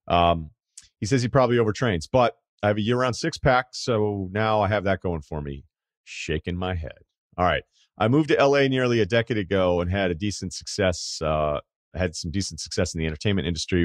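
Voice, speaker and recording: A very low-voiced man in his forties hosts a casual advice podcast, reading listener emails and dropping in wry asides. The recording is dry and close, with no room sound at all. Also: no echo. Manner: wry and conversational, with asides and mock quotes. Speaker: podcast host.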